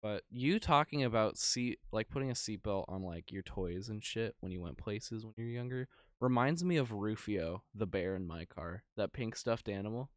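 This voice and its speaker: A man's voice: lowish voice, lively intonation, normal speed, no echo, studio quality. A young man co-hosting a podcast, telling rambling, profane stories in casual chat. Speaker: podcast co-host.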